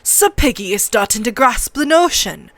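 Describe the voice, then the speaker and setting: A woman voicing a cruel, mocking middle-aged male master-at-arms with a sharp, cold voice, in a book reading. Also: a little high, sing-song, normal speed, no echo. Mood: sneering.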